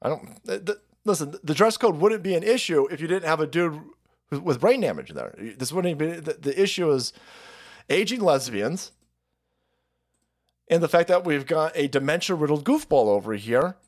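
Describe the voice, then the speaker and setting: A man's voice: fairly high pitch, big pitch swings, normal speed. A man ranting crudely on a live stream, mocking and often breaking into laughter. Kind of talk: profane ranting commentary.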